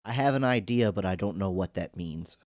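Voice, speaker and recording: Low-voiced guy playing a tabletop game, wry and joking, dry sound. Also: animated, brisk, a little mellow, dry recording. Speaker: player. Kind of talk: casual tabletop play.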